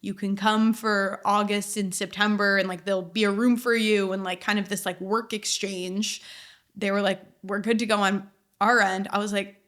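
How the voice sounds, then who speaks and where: A woman's voice: medium pitch, little pitch movement, moderate pace, fairly bright tone. A young woman talks through her story on a casual interview podcast. She is chatty and loose, scatters "like" through every sentence, and laughs easily between thoughts. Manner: chatty storyteller, heavy use of "like", laughs often. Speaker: guest chef.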